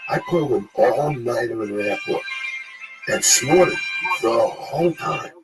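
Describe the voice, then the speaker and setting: A man's voice: mid-range voice, expressive, measured pace, music in the background, low-quality recording. A middle-aged man telling frank stories in casual conversation, profane and vivid. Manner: profane, swaggering, vivid recounting. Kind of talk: candid conversational storytelling.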